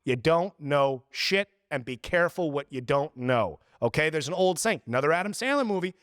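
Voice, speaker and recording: A man's voice: on the high side, moderate pace, hardly any pauses, dry recording, clean studio sound. A man in his twenties hosting a podcast, ranting profanely and acting out little quoted scenes. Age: 20s. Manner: profane, animated storytelling with put-on quotes. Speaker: podcast host. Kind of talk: casual podcast rant.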